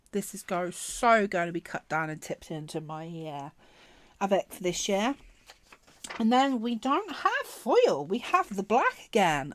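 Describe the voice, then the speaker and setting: A woman chatting casually through a planner sticker unboxing, gushing and excitable, often trailing off mid-sentence. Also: mid-range voice, slight background noise. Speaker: planner vlogger.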